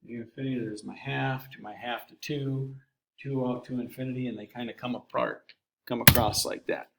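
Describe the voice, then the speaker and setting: A man teaching a calculus lesson, talking through each calculator step aloud in a relaxed, folksy way. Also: medium pitch, moderate pace, vocal fry, very noisy. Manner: relaxed, folksy classroom explaining. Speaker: math teacher.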